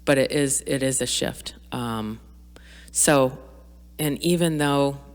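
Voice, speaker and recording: Her low voice echoing with long, hall-like reverb, this middle-aged podcast guest talks openly about personal matters. She reflects slowly, frequently pausing on fillers and starting sentences over.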